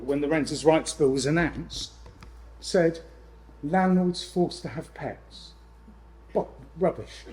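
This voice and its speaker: Brit guy doing a live seminar talk, lively and jokey, bit high-pitched, slight hiss behind. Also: poor audio. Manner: lively, jokey, exasperated asides to the audience. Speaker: letting agent speaking at a landlord event.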